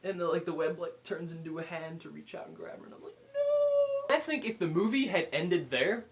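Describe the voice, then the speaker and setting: Brief: excitable male movie reviewer, higher voice, chatty, acts out his reactions. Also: brisk, creaky, background noise. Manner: animated, filler-heavy, acts out his own reactions. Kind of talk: casual spoken movie review.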